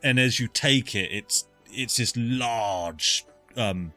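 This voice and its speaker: A man's voice: mid-range voice, takes it slowly, sharp tone, soft background music. A man narrating a live tabletop game as dungeon master, playful, with many fillers and mouth sound effects.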